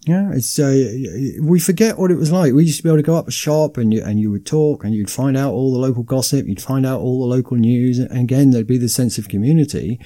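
A man's voice: medium pitch, a little fast, few pauses, warm tone. A man hosting a casual podcast discussion, often repeating words at the start of phrases. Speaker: podcast host.

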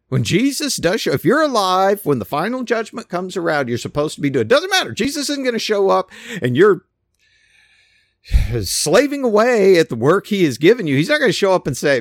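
A man preaching an informal sermon, emphatic and animated, with frequent restarts. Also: on the high side, a little fast, dry recording. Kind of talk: casual sermon.

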